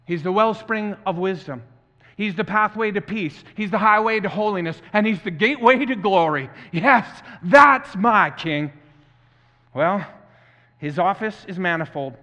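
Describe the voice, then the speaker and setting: A man putting on a Deep South accent to recite a preacher's speech, with rhythmic, building repetition, recorded muffled in an echoey hall. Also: animated, a little slow, pushed and bright, exaggerated voice. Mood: declaiming. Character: male Southern preacher declaiming his king.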